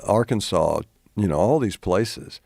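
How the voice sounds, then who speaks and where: A man's voice: on the low side, lively intonation, unhurried, vocal fry, darkish tone, no echo, studio quality. A man with a Southern American accent, telling meandering stories as a guest in a casual conversation. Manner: meandering, anecdotal storyteller.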